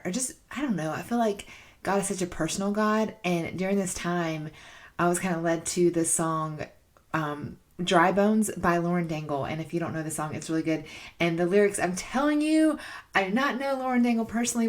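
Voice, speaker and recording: A young woman hosting a faith podcast, telling stories in a casual, excited way with lots of "like". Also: fairly low pitch. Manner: excited, gushing, heavy use of "like". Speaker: podcast host.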